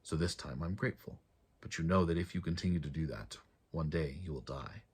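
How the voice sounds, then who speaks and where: A man voicing a quiet, firm grown man who guards a boy, in a read-aloud fantasy story. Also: very deep voice, a little fast, husky, heavily acted. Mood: soft.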